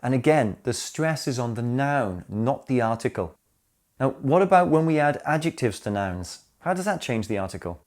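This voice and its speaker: A man teaching English grammar in a scripted lesson, with a voice of middling pitch. He lays out each rule deliberately and reads his example sentences aloud with care. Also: animated, a little mellow. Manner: clear, deliberate explanations with spoken examples.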